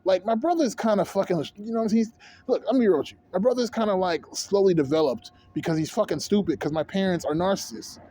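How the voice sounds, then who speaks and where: A man's voice: sits high, fast talker, warm tone, slight background noise. A man in his thirties venting in a rambling, profane, heated rant to camera as a vlogger. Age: 30s.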